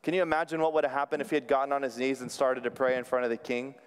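A man, a pastor delivering an animated sermon to a young adult congregation. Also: mid-range voice, very fast, clear, resonant tone. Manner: animated, drops to near whisper at times. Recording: long hall reverb.

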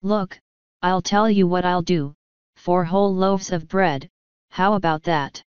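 A woman doing a gruff, pushy haggling townsman. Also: on the low side, steady tone, a little slow, dry recording, highs cut off, natural voice. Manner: bargaining, blunt and knowing. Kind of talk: audiobook character voice.

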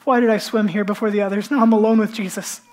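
A man's voice: sits high, fairly even intonation, fast, darkish tone, close to an everyday voice. A man preaching who voices a hot-tempered, earnest fisherman blurting out flustered denials. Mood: dismayed.

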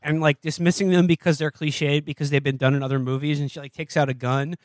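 A man's voice: on the high side, flat delivery, quick pace, dry recording, clean studio sound. A man co-hosting a podcast, reviewing a film in rambling, sarcastic casual chat. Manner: rambling, sarcastic, acts out scenes in silly voices. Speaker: podcast co-host.

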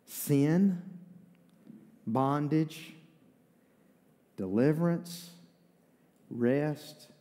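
Folksy Eastern North Carolina preacher. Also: male voice, on the high side, drawn-out words, pauses often, mellow. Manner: folksy, conversational preaching with asides. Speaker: pastor. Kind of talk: sermon. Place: church sanctuary. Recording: long reverb of a church hall.

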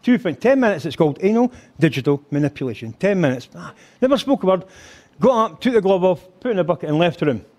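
A man's voice: sits high, quick pace. An older man with a Scottish accent telling crude stories in a live stand-up routine, mimicking voices and humming tunes. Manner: animated storytelling, crude, mimics voices and sings band intros. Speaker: stand-up comedian. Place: rugby club function hall.

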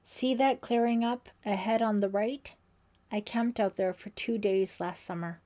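A woman voicing a teenage boy camp counselor who talks in a slow, remote, menacing way in a storybook reading. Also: mid-range voice, steady tone, mellow, lightly acted. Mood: casual. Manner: slow, remote, strange-sounding.

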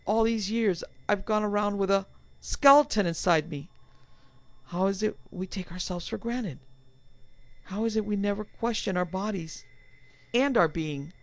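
A woman's voice: medium pitch, a little slow, dry recording, pitched above the performer's own voice, close to an everyday voice. A woman voicing an anxious middle-aged man in a panic, with a strained, agitated delivery. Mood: panicked. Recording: slightly dull, dry recording.

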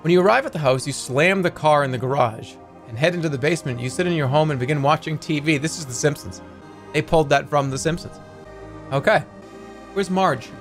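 A man with a slightly raised pitch reads story text aloud from a game and breaks off into dry, joking asides laced with swearing. He talks in a loose, casual stream style. Faint music hums underneath. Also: fairly quick. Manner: wry, joking, swears freely.

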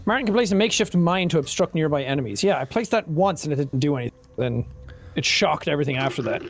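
Excitable high-voiced man swearing at a game. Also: fast talker. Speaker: co-host playing a co-op game. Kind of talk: casual gaming chat.

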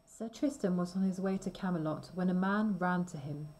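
Woman reading a storybook slowly. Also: lowish voice, darkish tone, rough recording. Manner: careful, deliberate reading. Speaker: reader. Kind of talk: slow, clear storybook reading for learners.

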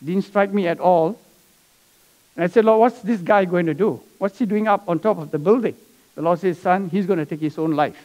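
Brief: male pastor, high-pitched voice, church sermon, story-led delivery. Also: fairly quick. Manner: preaching with asides and soft laughs. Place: church sanctuary.

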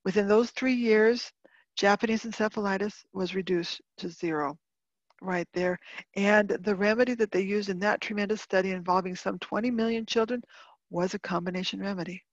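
A woman's voice: mid-range voice, steady tone, moderate pace, dry recording. A woman giving a homeopathy webinar presentation, earnest and emphatic, repeating her key points. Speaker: homeopathy lecturer. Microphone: video call microphone. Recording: dull, lo-fi webinar audio.

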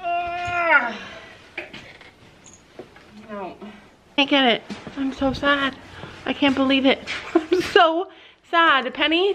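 Filming on a handheld camera at a horse barn, a woman vlogger chats casually, laughing a lot and cooing to the animals in baby talk. Her voice is high, and there's a little hiss or hum in the audio.

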